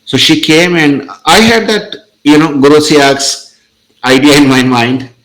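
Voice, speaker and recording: A man's voice: a little high, measured pace, fairly bright tone, poor audio. Man telling a story. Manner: hesitant, many fillers. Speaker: podcast guest. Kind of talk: conversational storytelling.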